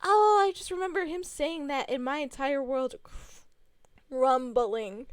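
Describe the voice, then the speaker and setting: A woman's voice: sits high, a little slow, no echo. A young adult woman in casual storytime narration, chatty and rambling with many fillers.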